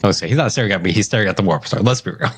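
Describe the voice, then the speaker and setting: A man's voice: fairly low pitch, animated, rapid-fire, soft background music. A man taking part as a player in a tabletop game, joking while he declares his moves.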